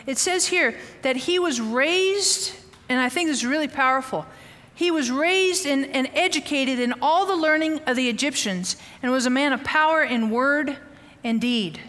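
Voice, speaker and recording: A woman teaching a Bible lesson, telling the story with lively, animated acting-out of the quotes. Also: sits high, normal speed, in a large hall. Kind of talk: teaching sermon. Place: outdoors, windy.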